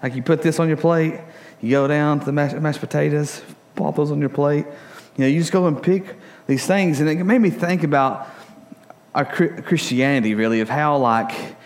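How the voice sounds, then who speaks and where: A young adult man preaching a casual sermon, telling stories with jokes and lots of fillers. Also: a little high. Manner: casual, joking, animated storytelling with many fillers. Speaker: pastor.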